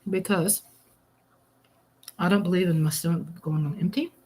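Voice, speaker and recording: A woman's voice: on the low side, fairly even intonation, normal speed, darkish tone, husky. A middle-aged woman, chatting casually on a live stream, reading viewer comments aloud and eating as she talks. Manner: chatty and exclamatory, eating while talking. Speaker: livestream host.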